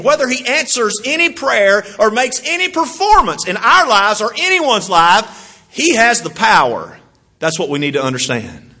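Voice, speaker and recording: A male preacher delivering a sermon in a bright, forceful voice that sits a little high for a man. He is animated and jumps from loud bursts to hushed asides. He chuckles now and then and keeps putting questions to his listeners. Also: breathy edge. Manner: animated, swings from loud exclamations to quiet asides.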